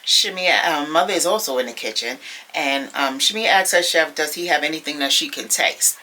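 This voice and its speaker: A woman's voice: low voice, moderate pace, pushed and bright, rough recording. A woman recapping a reality TV episode in a sassy, chatty way, calling her viewers y'all and using lots of fillers. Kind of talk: casual recap commentary.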